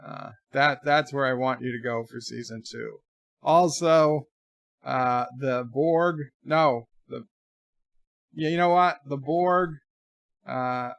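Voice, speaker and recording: A livestream host in a home room answers viewer letters, reading each one out and joking around in a meandering way. He has a mid-range, fairly bright voice with vocal fry, and the sound is clean studio quality with no echo.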